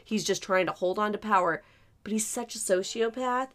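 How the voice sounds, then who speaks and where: A woman's voice: medium pitch, moderate pace, fairly bright tone. A woman co-hosting a casual podcast chat, frank and often swearing, restarting thoughts mid-sentence. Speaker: podcast co-host.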